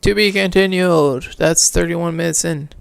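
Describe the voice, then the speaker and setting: A man reading a game's story aloud for a let's play, halting and correcting himself, then signing off casually. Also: a little high, gravelly, clean tone, dry recording. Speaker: let's player, reading game text. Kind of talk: reading game narration aloud, casual outro.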